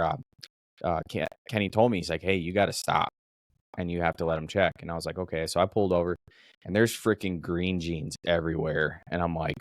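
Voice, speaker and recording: A man from Minnesota, a podcast host, telling a story in casual chat with animated swearing. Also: low voice, no echo, studio quality.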